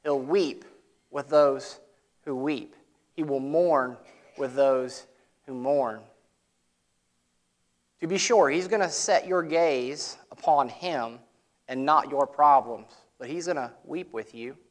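A male pastor, preaching a sermon in a conversational way that swings from loud emphatic lines to soft, low asides. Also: takes it slowly, pauses often.

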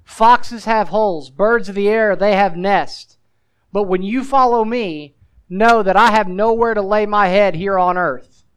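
A male preacher voicing a stern adult Jesus who questions an eager follower, in a measured, probing way. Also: high-pitched, fairly bright tone, smooth, poor audio.

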